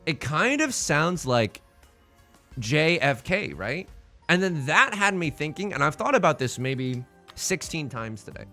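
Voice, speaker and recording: Man, casual game commentary, playful rambling, slightly high voice, faint background music. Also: sing-song, a little slow, bright, forceful tone. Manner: rambling, playful, jokey asides. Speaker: let's play host.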